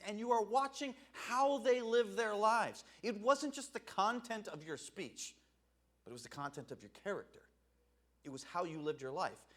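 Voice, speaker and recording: Lively high-voiced man preaching a sermon. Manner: conversational, asks "right?" often, laughs at himself. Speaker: evangelist preacher.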